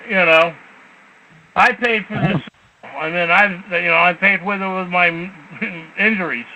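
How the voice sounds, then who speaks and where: A man hosting a talk show, telling stories in a blunt, profane, animated way. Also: high-pitched, takes it slowly, lo-fi sound. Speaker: show host. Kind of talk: call-in talk show chat.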